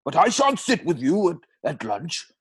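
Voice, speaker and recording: A man's voice: fairly high pitch, wildly swooping pitch, normal speed, slightly rough, full character voice. A man voicing an oil baron in a spoof radio advert, slipping into a Welsh accent, drawling and breaking into laughter. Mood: mock salesman. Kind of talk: comedic podcast advert sketch.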